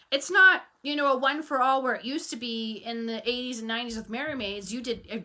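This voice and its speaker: A woman coaching on running a cleaning business, telling stories frankly and firmly, acting out bits of dialogue. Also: high-pitched. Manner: animated storytelling, acting out dialogue; firm and frank. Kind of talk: casual talk to camera.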